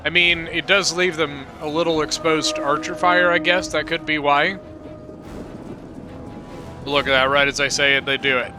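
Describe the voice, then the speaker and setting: A man's voice: a little high, pushed and bright. A man giving casual, rambling commentary on a strategy game replay, correcting himself as he goes. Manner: rambling, self-correcting, chatty. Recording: clear background music.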